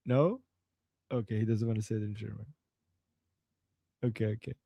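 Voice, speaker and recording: A man from Iran co-hosting a live reaction stream, excitable and laughing often, with bursts of exclamations. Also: on the low side, moderate pace, creaky, no echo. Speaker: livestream co-host.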